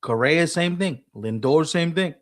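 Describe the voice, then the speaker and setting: A man co-hosting a casual sports podcast, animated and acting out quoted people as he talks. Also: on the high side, measured pace. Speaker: podcast co-host.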